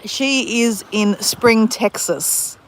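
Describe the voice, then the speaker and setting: A woman's voice: a little high, very slow. A woman with an Australian accent hosts a casual live stream from a beach on her handheld phone, chatting with viewers by name and laughing often. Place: outdoors at a beach at sunrise.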